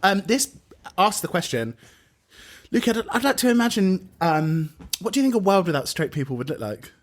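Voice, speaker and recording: A man's voice: high voice, moderate pace. A British man co-hosting a podcast, telling stories in casual chat, laughing often and acting out other people's voices. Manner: animated storyteller, laughs often, acts out voices. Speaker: podcast co-host.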